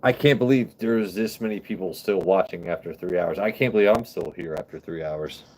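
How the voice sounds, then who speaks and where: A man's voice: deep voice, brisk, a little mellow, slight background noise. A man hosting a casual livestream, rambling and swearing as he chats with his viewers. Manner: rambling, profane, chatting with viewers. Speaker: livestream host.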